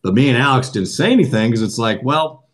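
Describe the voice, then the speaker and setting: Profane, animated male storyteller. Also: medium pitch, fairly quick. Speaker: podcast co-host. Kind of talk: casual storytelling chat.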